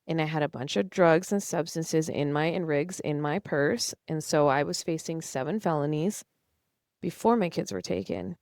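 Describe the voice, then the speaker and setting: A young woman with a low voice tells her own story as a podcast guest. She is earnest and emotional and acts out past conversations. The sound is close and dry, with no room around it. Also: normal speed, a little mellow, dry recording. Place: studio.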